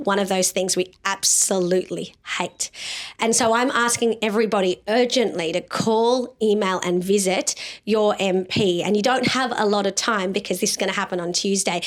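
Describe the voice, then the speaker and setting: Earnest woman rallying supporters. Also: medium pitch. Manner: frequent ums and restarts. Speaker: activist host. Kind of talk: direct-to-camera appeal.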